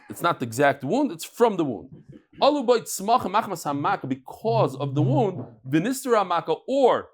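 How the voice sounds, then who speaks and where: A man leads a daily Talmud class. His voice sits a little high, and he moves quickly between explaining a case and telling a folksy joke, sprinkling in Yiddish words. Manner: lively storytelling with jokes and Yiddish words. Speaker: Talmud teacher.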